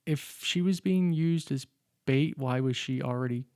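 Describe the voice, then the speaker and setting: A man's voice: medium pitch, a little slow, a little mellow, clear, resonant tone, dry recording, studio quality. A man co-hosting a casual podcast about films, rambling and correcting himself as he jokes through the plot. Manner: rambling, self-correcting, joking. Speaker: podcast co-host. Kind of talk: casual film discussion.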